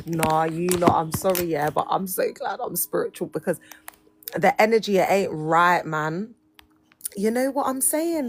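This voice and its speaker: A woman's voice: medium pitch, lively intonation, measured pace, husky. A woman in her thirties with a London accent, giving casual live-stream commentary in a chatty, slangy way and laughing often. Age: 30s. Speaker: livestreamer.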